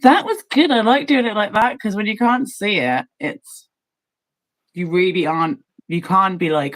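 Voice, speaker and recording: A woman's voice: medium pitch, normal speed, low-quality recording. A woman in casual chat, teasing and playful, laughing often.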